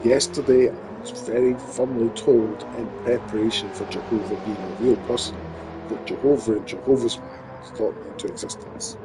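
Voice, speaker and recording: A man streaming live, rambling and swearing through an animated monologue. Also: fairly low pitch, normal speed, music in the background, low-quality recording.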